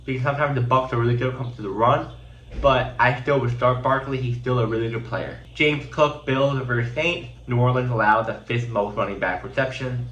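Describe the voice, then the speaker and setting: A man's voice: mid-range voice, fairly even intonation, fairly quick, fairly bright tone, reverberant, muffled recording. A man with a congested, sick voice running through casual fantasy football picks with many fillers and restarts. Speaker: host.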